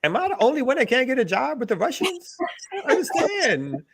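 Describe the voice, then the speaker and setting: A man's voice: extremely high pitch, huge pitch swings, a little fast, fairly bright tone, breathy edge. A man hosting a morning talk show, speaking in a loose, slangy and emphatic way. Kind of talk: casual radio talk show chat.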